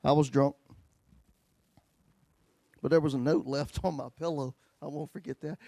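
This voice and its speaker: A man preaching a sermon as a pastor, telling a personal story in a folksy, joking way and swinging between loud and hushed. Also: fairly high pitch, steady tone, fast talker, creaky, dry recording.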